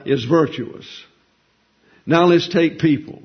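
Folksy preacher man, husky, lo-fi. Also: medium pitch, a little slow. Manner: folksy, conversational teaching with rhetorical questions. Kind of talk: sermon. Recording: dull lo-fi recording.

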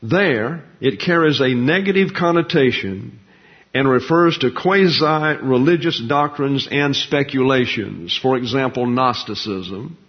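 A husky-voiced man gives a verse-by-verse Bible lesson from the pulpit, wandering into folksy asides. His voice sits at a middling pitch and comes through a dull, lo-fi recording. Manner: digressive, folksy, explanatory, with frequent fillers. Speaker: pastor. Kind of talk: Bible teaching sermon.

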